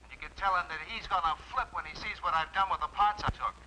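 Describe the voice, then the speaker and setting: A man's voice: sits high, fast, bright, forceful tone, low-quality recording. A cocky, stubborn young man. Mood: defiant. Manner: defiant, sarcastic. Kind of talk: 1950s TV sitcom acting.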